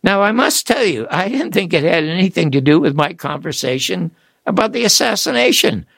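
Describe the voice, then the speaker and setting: An older man with a gravelly voice, a guest on a radio call-in show, spinning animated stories and acting out the voices of the people in them. His voice sits a touch high for a man and is recorded dry and close. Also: brisk, no room sound. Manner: animated anecdotes, acts out quoted voices. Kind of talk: storytelling on a radio talk show.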